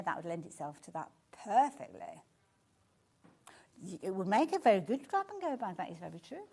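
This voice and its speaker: A woman presenting a live shopping show, chatting warmly about the items and reacting to viewer comments with gushing enthusiasm. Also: mid-range voice.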